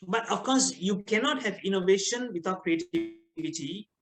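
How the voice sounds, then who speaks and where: A middle-aged man with a Malaysian English accent giving a lively, teasing online lecture to students, often asking them questions. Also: high voice, moderate pace, rough recording.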